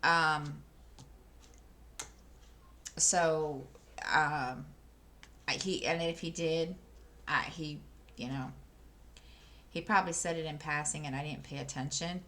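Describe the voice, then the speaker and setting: Slow-talking woman with a bright voice. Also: sits low, steady tone. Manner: rambling storyteller with many fillers and restarts. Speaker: craft channel host. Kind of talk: casual chat while diamond painting. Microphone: desk microphone.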